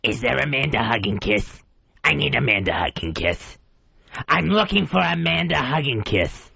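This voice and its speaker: A man voicing a gruff male cartoon bartender with a gravelly, raspy voice. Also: medium pitch, sing-song, normal speed, pushed and bright, dry recording, voice pushed down, heavily acted. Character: gruff male cartoon bartender, grumbling prank-call victim. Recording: dull lo-fi radio broadcast.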